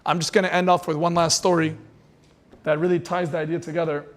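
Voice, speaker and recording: A man's voice: on the high side, flat delivery, fast talker. A man giving an inspirational sermon as a rabbi, telling stories with passion and sprinkling in Hebrew terms.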